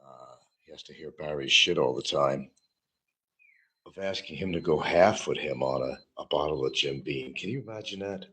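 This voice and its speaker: A man's voice: rumbling low, moderate pace, fairly bright tone. A man streaming a rambling, sarcastic monologue, mocking and teasing his viewers.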